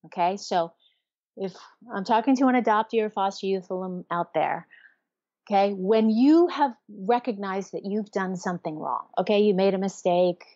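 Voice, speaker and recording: Speaking with a medium-pitched, slightly mellow voice, this therapist is a guest in an interview, teaching her ideas earnestly. She acts out self-talk as quoted examples, and the sound is dull, lo-fi and dry, with no room sound.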